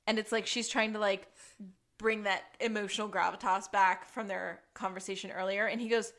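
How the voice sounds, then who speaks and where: A woman co-hosting a podcast, casually recapping a TV episode and acting out lines in a high, excited voice. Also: moderate pace. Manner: animated, acts out quoted lines in a high voice. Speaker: podcast co-host.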